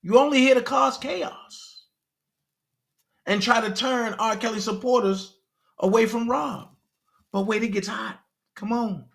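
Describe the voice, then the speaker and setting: A man's voice: very high voice, measured pace, creaky, long pauses, a bit bright. A man giving casual, emphatic commentary and posing pointed questions.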